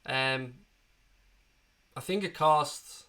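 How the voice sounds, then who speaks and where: Recovering from illness, an Irish man in his thirties speaks very slowly in a bright, forceful, mid-range voice as he hosts a live football watchalong. He's chatty and matey, taking viewers' comments one by one.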